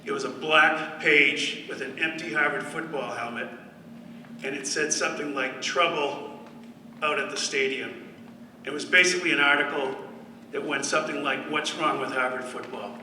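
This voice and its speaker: A man's voice: fairly high pitch, steady tone, moderate pace, pushed and bright, distant mic, a little hiss or hum. Man telling a story in an echoey hall. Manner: storytelling with dry humor. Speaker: former football player giving a speech. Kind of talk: speech to an audience.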